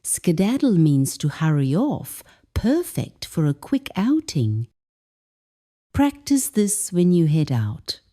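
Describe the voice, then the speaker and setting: A woman narrates a scripted English lesson, explaining each phrase slowly and deliberately. Her voice is low and mellow, and her pitch moves a lot. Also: big pitch swings. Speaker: English teacher.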